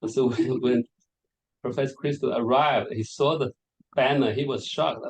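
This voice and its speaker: A man's voice: mid-range voice, steady tone, measured pace, gravelly, poor audio. A man giving a conference presentation as a lecturer, speaking hesitantly with many repeated words and fillers. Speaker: lecturer presenting on English varieties.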